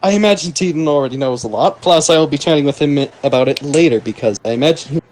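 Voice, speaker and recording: A man plays a tabletop role-playing game in character, joking and laughing with the others at the table. His voice is slightly high and darkish in tone, and he talks at a racing speed.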